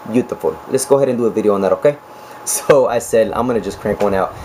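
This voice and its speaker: A man in his twenties, a nurse talking casually to camera with a raspy, hoarse voice, chatty and joking, with laughs between stories. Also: lowish voice, fast, warm tone, slight background noise, poor audio. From United States. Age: 20s. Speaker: nurse vlogger.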